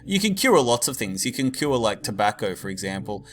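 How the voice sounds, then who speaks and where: A man's voice: mid-range voice, big pitch swings, brisk. A man teaching a class in a casual, digressive lecture full of fillers and asides.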